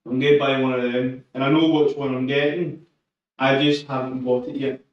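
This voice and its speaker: A man chatting casually during a live stream while he trains, relaxed and swearing now and then. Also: mid-range voice, normal speed. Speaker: streamer training for a powerlifting meet. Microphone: shotgun mic through a camera, away from him. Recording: echoey, distant, muffled lo-fi mic.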